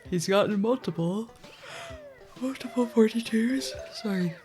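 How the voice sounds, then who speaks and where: A woman's voice: fairly high pitch, unhurried, over music. A woman doing casual live commentary on a race, chatty and rambling, laughing often and apologizing. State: sleepy, yawning.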